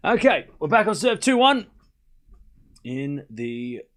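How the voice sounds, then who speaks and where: A man's voice: fairly high pitch, sing-song, slow, a bit bright. A man hosting a live tennis watchalong stream, calling points casually and thanking viewers for donations. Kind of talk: live play-by-play commentary over a scoring stream.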